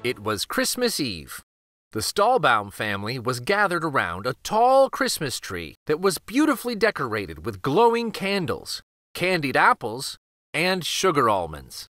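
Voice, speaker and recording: A man hosting a children's read-aloud channel, reading a picture book in an expressive, lively storytelling way. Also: on the high side, unhurried, no echo, studio quality.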